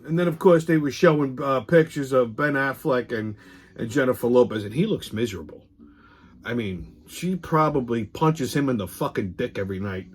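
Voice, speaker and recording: A man's voice: mid-range voice, normal speed, slightly rough. A man hosting a comedic weekly wrap-up show and ranting in a profane, blustering way. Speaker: host. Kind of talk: comedic rant.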